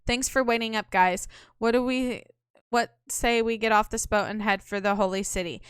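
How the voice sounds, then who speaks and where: A woman's voice: a little high, fairly even intonation, moderate pace, clear, resonant tone, dry recording, clean studio sound, close to an everyday voice. A woman reading aloud the lines of a cocky, wisecracking young male rogue in a game, speaking in a breezy, slangy way.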